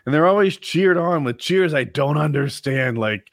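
Laid-back, amused man with a lively voice. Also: on the high side, normal speed, no room sound, studio quality. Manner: laid-back, amused, mocks odd cheers. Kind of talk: casual chat.

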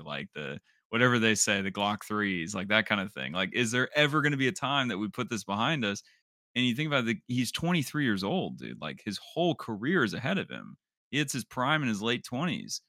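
A young man co-hosting a casual sports podcast, rambling through his take with plenty of filler words. His voice is bright and forward, sitting a little low. The sound is dry and close to the mic. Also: no echo. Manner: rambling, animated, swears, laughs when worked up. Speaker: podcast co-host.

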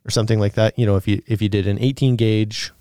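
Low-voiced man rambling in a podcast Q&A. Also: little pitch movement, fast, dark tone, clear, resonant tone, no echo, clean studio sound. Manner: rambling, thinks aloud with fillers and laughs. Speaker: podcast co-host answering listener questions. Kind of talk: casual podcast Q&A chat.

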